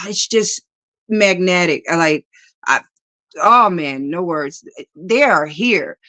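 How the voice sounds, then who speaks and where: A woman's voice: lowish voice, slow pace, bright, forceful tone, no echo. A woman guest in a casual spiritual conversation, talking animatedly, often laughing and acting out the voices she quotes.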